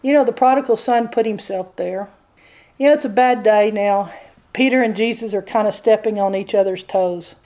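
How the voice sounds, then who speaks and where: A woman's voice: medium pitch, normal speed, a little mellow. A woman preacher delivering a sermon, telling a Bible story with earnest, dramatic storytelling.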